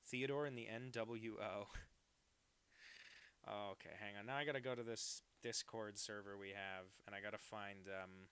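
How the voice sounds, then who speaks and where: Fairly low in pitch and fairly even in intonation, this young man speaks at a moderate pace with a slightly bright tone, and there's slight background noise. He's a cartoonist streaming live while drawing, joking and reading chat aloud on a home setup with no professional mic.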